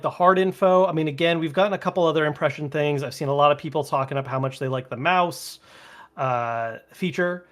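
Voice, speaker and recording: A man's voice: a little high, a bit bright. A man co-hosting a video game podcast, chatting casually and rambling with lots of filler words. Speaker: podcast co-host. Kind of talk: casual chat.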